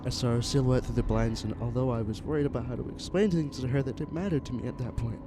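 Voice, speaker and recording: A man reads a first-person horror story at an ordinary mid pitch, earnest and a little halting as he restarts phrases. Clear music plays behind him throughout. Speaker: narrator.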